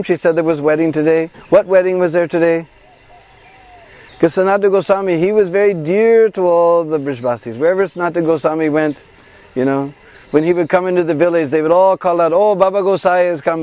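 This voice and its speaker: A man with a fairly high, mellow and warm voice leads a pilgrimage and tells a devotional tale. He tells it in an animated way and brings the quoted characters to life as he goes. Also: brisk. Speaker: pilgrimage guide and devotional speaker. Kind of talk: devotional storytelling on a pilgrimage tour. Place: at a shrine on pilgrimage.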